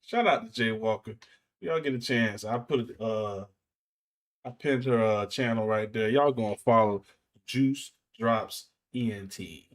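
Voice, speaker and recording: A man's voice: lowish voice, unhurried. A man chatting casually on a live stream, loose and slangy, thinking aloud. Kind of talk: casual livestream chat.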